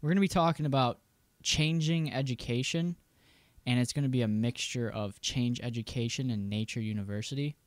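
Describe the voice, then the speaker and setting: A man's voice: mid-range voice, brisk, dry recording. A man hosting a podcast in a laid-back, casual way, swearing now and then. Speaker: podcast host.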